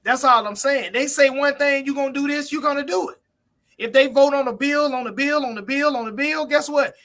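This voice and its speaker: High, bright-voiced man debating casually. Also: brisk. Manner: blunt, repetitive, reads viewer comments aloud. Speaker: live stream co-host.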